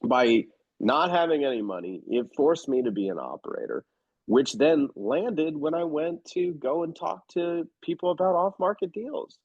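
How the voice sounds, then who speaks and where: A man's voice: fairly high pitch, moderate pace, breathy edge, dry recording. A man talking as an interview guest, telling stories bluntly and emphatically. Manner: animated storyteller, emphatic and blunt. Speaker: real estate investor guest. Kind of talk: casual interview talk. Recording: slightly dull, dry recording.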